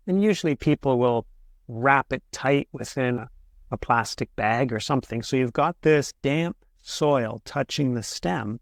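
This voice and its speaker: A man explaining gardening as an interview guest, patient and steady, with small restarts as he talks. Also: medium pitch, no echo, studio quality. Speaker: horticulturist guest. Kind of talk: casual interview answers.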